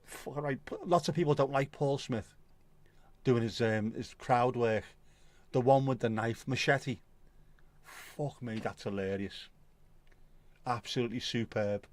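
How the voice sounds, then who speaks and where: Unhurried and pausing often, this middle-aged host speaks in a mid-range voice during a casual livestream. He reads through viewer comments, laughing and swearing a lot as he goes.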